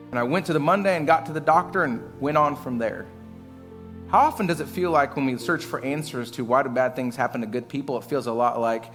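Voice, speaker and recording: A man's voice: medium pitch, fast talker, a bit bright, soft background music. A man preaching a sermon as pastor, telling a story with self-mocking humor and frequent chuckles. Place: church service.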